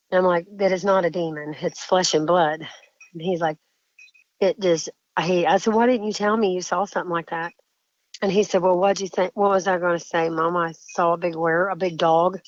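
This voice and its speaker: A woman caller telling a frightening encounter story in a shaken, halting way, often breaking off and restarting sentences. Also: fairly low pitch, no echo, dull audio. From Indiana.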